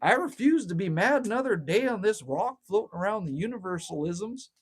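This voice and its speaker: Middle-aged man, rambling livestream chat, lively swooping pitch, husky tone. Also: fairly quick. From Canada. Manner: rambling, ranting, swears freely. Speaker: livestream host. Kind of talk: casual livestream chat, reading viewer comments aloud. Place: outdoors at a cabin. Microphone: phone livestream.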